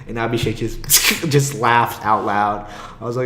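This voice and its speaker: A young man talks through a casual solo podcast in a lowish voice, rambling from one thought to the next. He swears freely and laughs often, and his voice rings in a roomy space over a faint background hiss. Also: fairly even intonation, normal speed, pushed and bright. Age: young adult. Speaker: podcast host. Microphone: own podcast mic.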